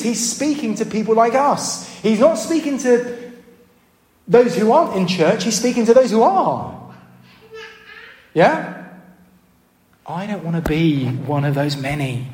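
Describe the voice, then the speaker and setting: A man's voice: high-pitched, a little mellow. A man preaching a sermon, earnest and questioning, often checking in with the congregation. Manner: earnest, asks the congregation questions, repeats words when restarting. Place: church hall. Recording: roomy hall reverb.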